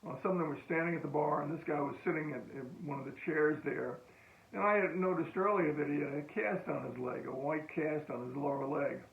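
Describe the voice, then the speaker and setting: An older American man, a veteran, recounting a story in a halting oral-history style with frequent restarts and chuckles. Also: fairly high pitch, vocal fry. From United States. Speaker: veteran telling a war story. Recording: tinny phone-like echoey room.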